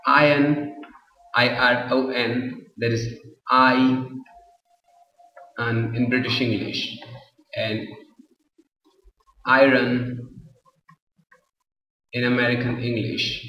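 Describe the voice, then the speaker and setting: A man teaching an English literature class, explaining slowly and often repeating himself. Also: mid-range voice, monotone. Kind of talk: classroom lecture. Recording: roomy echo, far from the mic, dull lo-fi sound.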